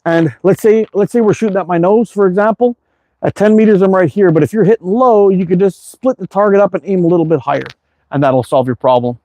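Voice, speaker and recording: A worn-out man chats loosely with his viewers, his voice sitting a bit high for a man. He rambles along with frequent fillers and restarts. The sound is dry and close, with hardly any room around it. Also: brisk, mellow, dry recording. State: tired, worn out. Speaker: livestream host reading viewer chat. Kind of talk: casual live chat while target shooting.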